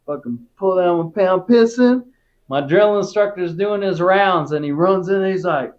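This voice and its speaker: A man's voice: sits high, normal speed, lo-fi sound. A man from Texas, a former Marine, telling stories in a casual interview in a laid-back, profane way. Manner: profane, laid-back, peppers talk with "dude" and "right?".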